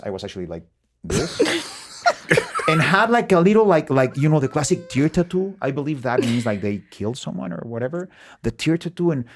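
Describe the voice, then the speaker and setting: A man from Mexico with a Mexican Spanish accent, a podcast guest who tells stories in casual chat, acting out quotes and swearing freely. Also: medium pitch. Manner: animated storyteller, acts out quotes, swears freely.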